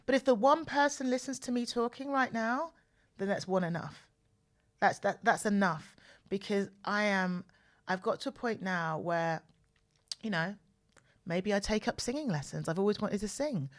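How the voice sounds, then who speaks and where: A woman in her forties hosting a podcast, telling personal stories in an animated way and repeating phrases for emphasis, close to the mic. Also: mid-range voice, normal speed. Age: 40s. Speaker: podcast host. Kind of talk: personal storytelling monologue. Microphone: mic close to the mouth.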